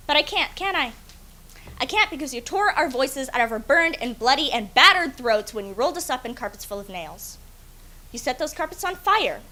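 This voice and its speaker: A woman performing spoken word poetry on stage, impassioned, swinging between loud outbursts and hushed lines. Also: high-pitched. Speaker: slam poet. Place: school event stage.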